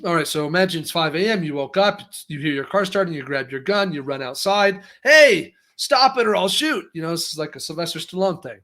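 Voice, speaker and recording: A man co-hosting a casual news commentary, talking in a lively way and restarting his sentences often. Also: fairly high pitch, fast talker, hardly any pauses. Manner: lively, acts out quotes, frequent restarts. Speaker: co-host.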